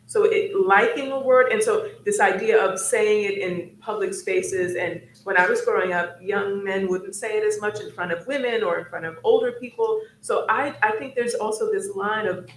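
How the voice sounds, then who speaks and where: Woman academic on a panel, thinking out loud with lots of ums, echoey room. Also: medium pitch, moderate pace, few pauses. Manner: thoughtful, searching, many ums. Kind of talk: panel discussion. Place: event hall. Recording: roomy hall with faint noise.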